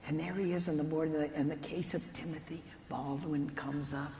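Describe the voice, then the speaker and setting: A woman's voice: low-pitched, steady tone, fairly quick, mellow. A woman, a nun, giving an earnest storytelling keynote talk and speaking directly to an audience of lawyers. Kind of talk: conference keynote speech. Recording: echoey hall, faint room noise.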